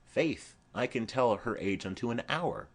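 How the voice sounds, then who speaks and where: A man's voice: mid-range voice, expressive, unhurried. A man voicing a chatty old female nurse who rambles fondly with earthy asides, in an audiobook play reading.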